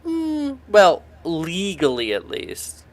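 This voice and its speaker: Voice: medium pitch, huge pitch swings, slow pace. A game master on a video call who laughs often and tends to stumble and repeat words while running an online tabletop game. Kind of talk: casual online tabletop role-play.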